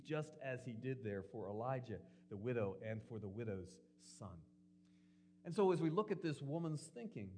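A man's voice: mid-range voice, slight background noise. A man preaching a sermon in an earnest way, asking rhetorical questions and acting out quotes.

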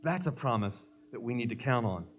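A man's voice: medium pitch, lively intonation, fairly quick. A male pastor preaching a sermon, emphatic, mixing scripture with humorous stories.

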